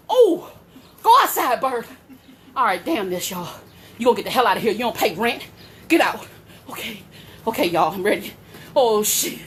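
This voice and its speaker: Woman, 40s, home vlogger. Bright, lively, animated delivery with loud exclamations. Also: fairly high pitch, slight background noise. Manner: excitable, loud exclamations, laughing and cursing. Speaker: vlogger and mother. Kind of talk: casual vlog. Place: at home, indoors.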